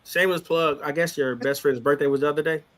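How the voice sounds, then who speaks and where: A man co-hosting a casual podcast chat, joking around and dropping quick asides. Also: fairly high pitch, fairly even intonation, fairly bright tone. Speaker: co-host.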